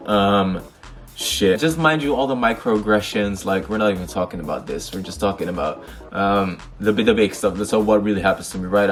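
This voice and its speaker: With soft music in the background, a young Dutchman speaks fairly quickly in a low register. As a vlogger, he tells his own stories casually to the camera, frank and worked up, using heavy slang and swearing.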